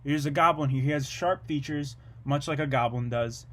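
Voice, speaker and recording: A young man delivering a rambling, absurd comedic monologue in a low-key, deadpan way, drifting from one tangent to the next. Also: normal speed.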